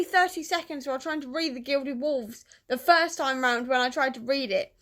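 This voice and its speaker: A young woman talks to camera in a high voice, gushing with excitement. She speaks casually and teases herself now and then. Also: moderate pace, few pauses. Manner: gushing, excitable, self-mocking. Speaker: book vlogger. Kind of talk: casual chat.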